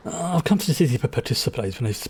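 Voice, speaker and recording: Brief: London streamer, husky mid-pitch voice, rambling casual game talk. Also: male voice, lively intonation, racing, darkish tone. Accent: London English. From England. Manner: rambling, chatty, with frequent restarts. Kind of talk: casual gameplay commentary.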